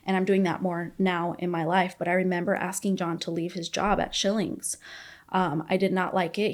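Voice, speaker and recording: A woman in her thirties speaks as a podcast guest, sharing a personal story in candid, unscripted talk. She rambles, circles back on herself and leans on "like" in almost every phrase, at an ordinary pitch for a woman. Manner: rambling, fills speech with "like".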